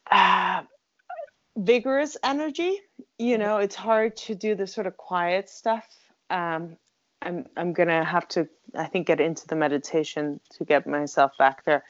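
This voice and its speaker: A woman's voice: lowish voice, measured pace, dry recording. A middle-aged woman co-hosting a podcast, chatting casually and teasing her partner, often laughing. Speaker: podcast co-host. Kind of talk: casual chat. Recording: dull lo-fi sound.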